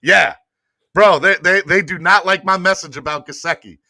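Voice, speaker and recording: A man with a high voice hosts a casual sports podcast livestream at a moderate pace, and the clean studio sound has no room noise. His delivery is animated and slangy as he keeps asking viewers for likes.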